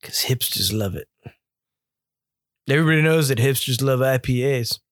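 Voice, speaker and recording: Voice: medium pitch, normal speed, dry recording, clean studio sound. A podcast co-host in casual beer-tasting chat, joking and rambling.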